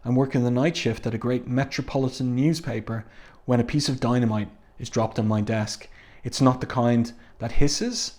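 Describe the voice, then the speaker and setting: A man's voice: mid-range voice, fairly even intonation, moderate pace, darkish tone, lightly acted. A man reading aloud the first-person narration of a hard-boiled newspaper reporter, in his own voice. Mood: dry.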